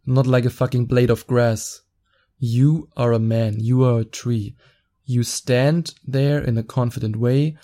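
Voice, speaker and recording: A young man hosting a podcast, giving excited, fast-talking advice in a casual solo chat, quick to laugh. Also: mid-range voice. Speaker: podcast host.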